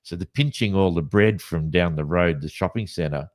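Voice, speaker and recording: A man's voice: sits low, normal speed. An Australian man co-hosting a podcast, chatting casually and telling rambling stories full of restarts. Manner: rambling, animated storyteller with many restarts. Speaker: podcast co-host. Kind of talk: casual chat. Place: Western Australia.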